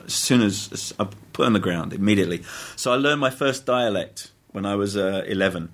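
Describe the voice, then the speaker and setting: Husky actor, rambling and laughing. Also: male voice, fairly low pitch, a little fast. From England. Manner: rambling, self-correcting, laughs often. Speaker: actor, guest. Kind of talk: casual interview chat.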